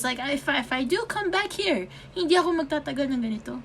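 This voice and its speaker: A woman's voice: high-pitched, animated, fast, slight background noise. An American woman in her young adult years ranting frustrated in a vlog, swearing a lot, sighing, and slipping Tagalog words into her English. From United States. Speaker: vlogger.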